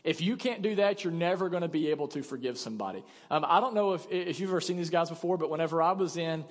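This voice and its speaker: A man's voice: on the high side, fast talker. A young man preaching a sermon as a pastor, talking conversationally and acting out quoted voices. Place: church sanctuary. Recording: long church reverb.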